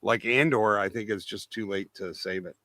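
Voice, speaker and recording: A man's voice: lowish voice, moderate pace, sharp tone, no echo. Hesitant man from Canada. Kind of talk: casual podcast chat.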